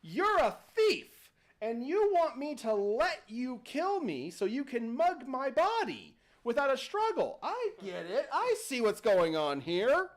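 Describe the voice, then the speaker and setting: A man voicing a cunning old man who is suspicious and loud and keeps accusing. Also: very high-pitched, wildly swooping pitch, a little slow, pitched above the performer's own voice, full character voice. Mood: indignant.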